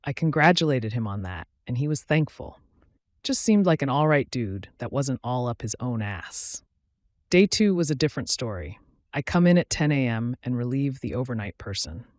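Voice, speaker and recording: Male narrator, mid-pitched, plain steady read, dry close sound, no room. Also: normal speed, no echo. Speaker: story narrator. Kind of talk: scripted narration.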